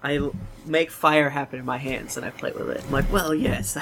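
Man, tabletop role-play, earnest, stumbling restarts, bright tone. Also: on the high side, steady tone, moderate pace. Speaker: player.

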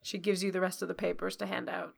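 A woman's voice: on the low side, level tone, quick pace, vocal fry. A woman narrating a tabletop role-playing game as game master, in a playful, easygoing way.

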